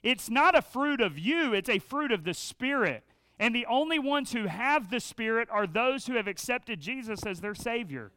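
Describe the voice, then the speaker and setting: A pastor delivers a sermon in a high, bright, clean-toned male voice. He preaches earnestly and with emphasis, stumbling over restarts and firing questions at his congregation. Every word rings out crisp and smooth. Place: church.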